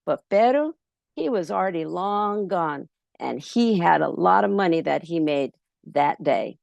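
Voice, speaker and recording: A woman storyteller recounts a folk tale to a workshop audience in a loose, conversational way. Her voice has a gravelly fry, and the recording is close and dry. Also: lowish voice, measured pace, no room sound. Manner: relaxed, many ums and restarts. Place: festival workshop.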